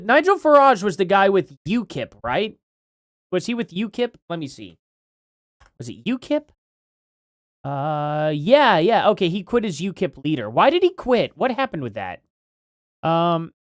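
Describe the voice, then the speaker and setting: Rambling live-stream host, lively pitch. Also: male voice, dry recording, clean studio sound. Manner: rambling, thinking aloud, self-questioning. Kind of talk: casual live-stream commentary.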